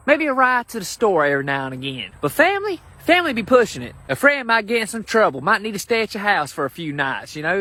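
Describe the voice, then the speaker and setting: Fast-talking Southern comedian ranting. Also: male voice, sits high, pushed and bright, no room sound. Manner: ranting, profane, rapid-fire. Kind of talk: stand-up comedy monologue.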